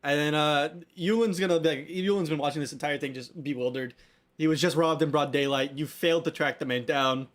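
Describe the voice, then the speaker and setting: High-voiced joking young man. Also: brisk. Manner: laughs often, loose and joking. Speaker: game master. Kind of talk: running a tabletop game, casual chat.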